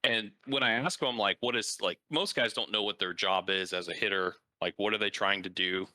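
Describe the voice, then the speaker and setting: Host voice: low-pitched man, intense and forceful tone, dry close sound, chatty coach with stories. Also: moderate pace, no room sound. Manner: animated storyteller, frequent "like" fillers. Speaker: podcast host and baseball coach. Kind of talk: casual conversational interview.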